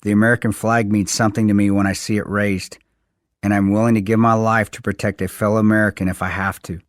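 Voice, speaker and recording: A man's voice: on the low side, dry recording, studio quality. A man reading aloud from his own memoir in an earnest, plain-spoken way. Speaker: author reading his book. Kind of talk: audiobook-style reading.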